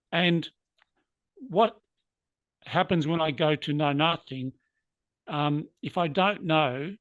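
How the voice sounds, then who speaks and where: A man tells a story from his working life with sincere feeling. His voice sits slightly high. The sound is dry and close, with a dull, muffled edge. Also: fairly bright tone, no room sound. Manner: earnest, moved to emotion at times. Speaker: interview guest. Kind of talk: reflective storytelling.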